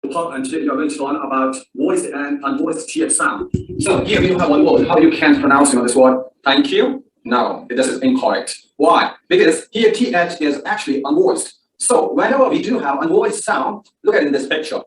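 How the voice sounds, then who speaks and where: A man's voice: a little high, normal speed, few pauses, a little hiss or hum. A man presenting a recorded pronunciation tutorial, saying each word and then contrasting it with its wrong form. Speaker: video presenter. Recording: distant roomy video playback.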